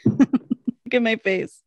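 A woman's voice: fairly high pitch, drawn-out words, no echo, highs cut off. A woman co-hosting a casual chat, telling a story and acting out what she said back then. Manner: animated, acts out her own past lines.

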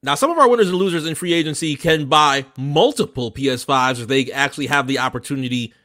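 A man co-hosting a podcast in casual chat, animated and playful, often stammering and restarting his sentences. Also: a little high, fast, no echo, clean studio sound. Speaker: podcast co-host.

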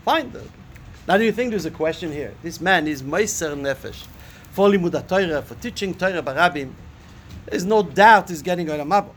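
A man's voice: high voice, expressive, fairly quick, fairly bright tone, slight background noise. A man teaching a Talmud lesson. He reads a line aloud, then explains it, thinking aloud with fillers and rhetorical questions. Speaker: Torah teacher. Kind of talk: Talmud lesson, reading and translating a text.

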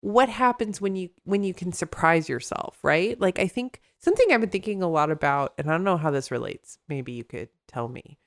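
A woman's voice: lowish voice, animated, brisk, few pauses. A woman therapist co-hosting a casual podcast chat, rambling into tangents and laughing often.

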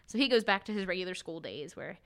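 A young woman co-hosts a podcast, chatting casually about a book and acting out quotes, with plenty of fillers. Her voice is fairly low, a bit bright, and expressive, and she talks fast.

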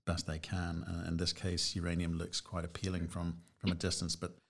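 Low-voiced man hosting a chat. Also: completely flat delivery, gravelly. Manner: measured, reflective, often restarts phrases. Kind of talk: casual conversational interview.

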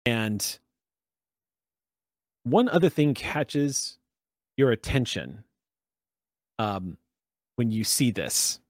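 A man's voice: medium pitch, very animated, drawn-out words, pauses often, dry recording, studio quality. A man narrating a tabletop game as game master, descriptive and conversational.

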